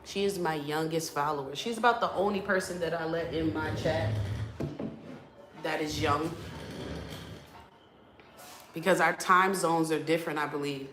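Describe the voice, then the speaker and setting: A young woman with a low voice chats on a live stream, animated and full of profane, playful complaints. Her voice rings in an echoey apartment room. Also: slight background noise. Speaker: streamer chatting with viewers. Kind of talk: casual live-stream chat.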